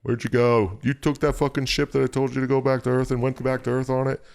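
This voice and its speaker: A man's voice: mid-range voice, little pitch movement, quick pace, creaky, a little mellow, clean tone, pitched above the performer's own voice, lightly acted. A man casually voicing a blunt, weary male engineer while recapping a game. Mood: offhand.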